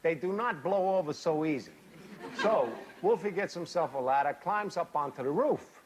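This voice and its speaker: A man giving a comic fairy-tale reading to a live audience, deadpan, with odd pauses and dry asides. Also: fairly high pitch. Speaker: storyteller. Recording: live stage reading, loud audience laughter.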